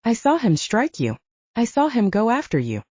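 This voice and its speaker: A woman's voice: fairly high pitch, huge pitch swings, moderate pace, a little mellow, breathy edge, no room sound, muffled recording, voice pushed up, heavily acted. A woman voicing a fierce protective male werewolf. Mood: intense.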